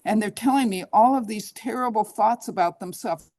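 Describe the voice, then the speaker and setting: A woman's voice: medium pitch, moderate pace, mellow. A woman therapist being interviewed, talking earnestly and coaching, often acting out her clients' inner voices. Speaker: guest therapist. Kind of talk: interview conversation.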